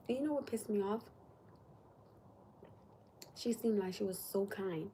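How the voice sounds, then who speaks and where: Woman ranting on a live stream, soft warm voice, bit of hiss behind. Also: mid-range voice, measured pace, long pauses. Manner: animated, drops to whispers for emphasis. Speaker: livestream host. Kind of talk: casual livestream chat.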